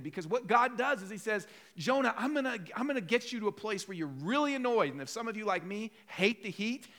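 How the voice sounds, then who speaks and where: A male pastor giving a sermon, telling a story with animated acted-out quotes and humor. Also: sits high.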